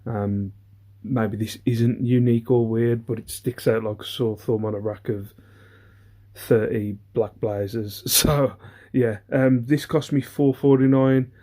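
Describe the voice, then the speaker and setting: A man's voice: medium pitch, flat delivery, unhurried, dark tone. A man, chatting casually through an eBay reseller's haul video. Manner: chatty, rambling, self-deprecating, many ums.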